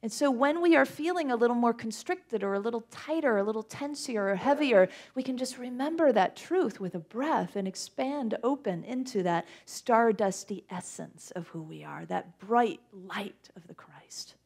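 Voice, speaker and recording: A woman's voice: on the high side, animated, normal speed, few pauses, darkish tone. A woman minister giving a conversational sermon in a church, laughing often as she retells scripture. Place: church sanctuary with congregation.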